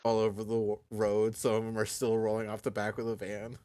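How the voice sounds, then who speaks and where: Low-voiced man running a tabletop game. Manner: relaxed, halting, frequent restarts and laughs. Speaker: game master. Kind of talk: narrating a tabletop role-playing game.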